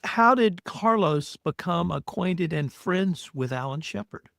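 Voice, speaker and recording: Gravelly male podcast host. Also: sits high, expressive, a bit bright, no room sound, studio quality. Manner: measured, curious questioning. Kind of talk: interview questions.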